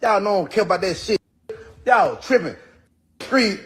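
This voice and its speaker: This man's voice is high-pitched, with lively intonation and normal speed. He appears in a played clip, ranting heatedly and defiantly, repeating himself and adding "boy" to his lines.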